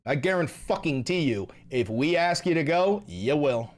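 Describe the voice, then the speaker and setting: Animated, swearing New streamer. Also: male voice, fairly high pitch, moderate pace, a crowd in the background. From New York. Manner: animated, profane banter. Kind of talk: casual reaction stream.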